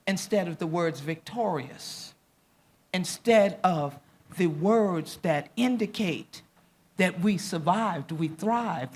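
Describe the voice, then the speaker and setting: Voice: medium pitch, breathy edge. A speaker from the Gullah Geechee coast with a Gullah Geechee accent and Gullah as first language, giving an impassioned, emphatic conference talk that mixes Gullah creole and English. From Gullah Geechee coastal southeastern United States. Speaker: panel speaker. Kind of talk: conference speech.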